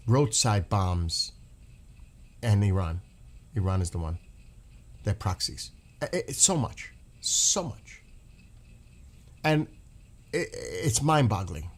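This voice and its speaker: A man's voice: lowish voice, darkish tone. A middle-aged American man, chatting casually and earnestly with live viewers, rambling and repeating himself. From United States. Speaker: live stream host.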